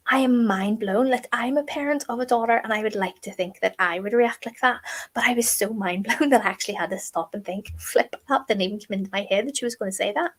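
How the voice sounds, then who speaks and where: A woman's voice: mid-range voice, brisk. Chatty middle-aged woman co-hosting. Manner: chatty, emphatic storytelling with many fillers. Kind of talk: casual chat.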